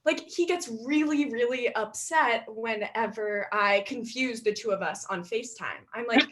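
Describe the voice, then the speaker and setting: A woman's voice: on the high side, unhurried. A young woman doing a stand-up comedy set, bubbly and giggly, laughing through her lines. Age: young adult. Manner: bubbly, giggly, animated delivery.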